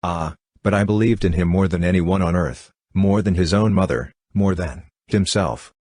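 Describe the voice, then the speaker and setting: A man's voice: deep voice, normal speed, a little mellow, no room sound, studio quality. A man voicing a grieving young woman in an audiobook reading, with an earnest, mournful delivery.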